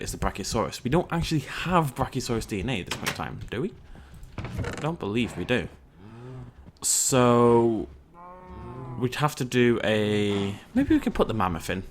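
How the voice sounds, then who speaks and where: A man's voice: on the low side, slight background noise. A man, hosting a let's play and giving casual, rambling gameplay commentary while chatting to his viewers. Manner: chatty, rambling, self-mocking, talks to viewers.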